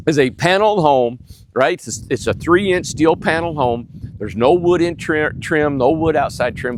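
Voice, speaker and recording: A man with a head cold and a nasal voice, giving a casual, folksy sales tour of building lots outdoors on a windy ridge. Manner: folksy, plainspoken, pitching to viewers. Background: wind.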